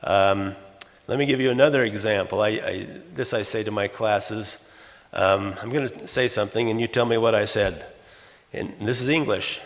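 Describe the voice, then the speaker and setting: A man in his sixties, a retired English teacher, lecturing in a halting, teacherly way with many restarts. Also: on the low side. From Los Angeles, USA. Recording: long hall reverb.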